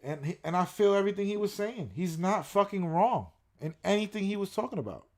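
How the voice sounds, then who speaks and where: Man, livestream rant, profane and repetitive, slightly high voice. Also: animated, brisk. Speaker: streamer. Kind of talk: casual ranting livestream commentary.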